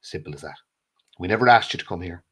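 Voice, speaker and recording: Irish male co-host, very low husky voice, angry profane ranter. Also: expressive, fast talker, fairly bright tone. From Ireland. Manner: furious, blunt and profane, repeating short slogans. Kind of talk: angry political rant on a live stream.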